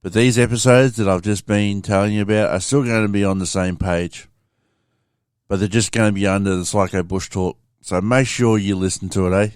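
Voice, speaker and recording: Aussie podcast bloke, real deep voice, rambling on and swearing, calls everyone mate. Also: male voice, fairly even intonation, fairly quick, smooth, no echo, studio quality. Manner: rambling, swears freely, addresses listeners as mate. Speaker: podcast host. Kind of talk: casual storytelling monologue.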